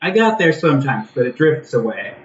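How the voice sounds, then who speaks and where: A man on a comedy podcast, chatting casually and tossing in quick joking asides. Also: mid-range voice, sing-song, reverberant, far from the mic, highs cut off, background noise. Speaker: podcast co-host.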